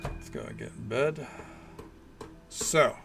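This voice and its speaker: Gravelly laid-back male streamer. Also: mid-range voice, takes it slowly, over music. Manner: laid-back, swears casually. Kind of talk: casual gameplay commentary.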